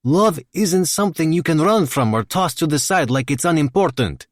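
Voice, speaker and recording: A man's voice: a little high, expressive, normal speed, no room sound, clean studio sound, voice pushed up, lightly acted. A man putting on a scolding Russian mother. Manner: scolding, blunt, exasperated. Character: blunt scolding Russian mother, middle-aged. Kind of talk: audiobook character voice.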